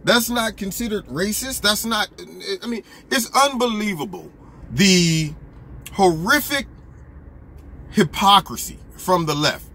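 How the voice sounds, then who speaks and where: A man giving opinionated political commentary in an animated, argumentative way, full of rhetorical questions. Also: high voice, unhurried.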